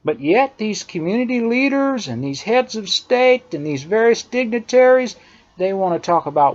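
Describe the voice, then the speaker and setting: A man's voice: high voice, big pitch swings, normal speed. A man delivering an emphatic, indignant opinion monologue, hammering his points by repeating phrases. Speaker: political commentator. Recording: dull lo-fi recording.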